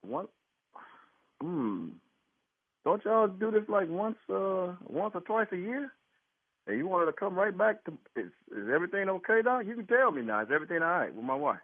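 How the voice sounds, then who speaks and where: A man on a prank call, stammering and hedging one moment and shouting back the next. His pitch swings widely and sits a little high. The line is thin and tinny with no room sound. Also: sing-song, normal speed, no echo. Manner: stammering, sheepish caller trading with an outraged husband. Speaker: radio prank caller. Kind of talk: prank phone call on morning radio. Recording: dry, tinny phone line.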